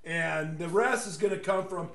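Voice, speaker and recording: His voice is fairly high and fairly bright, bouncing off the walls of an echoey room as he rambles at normal speed. The West Texas man offers casual opinions, ridiculing his targets and chuckling at his own humor.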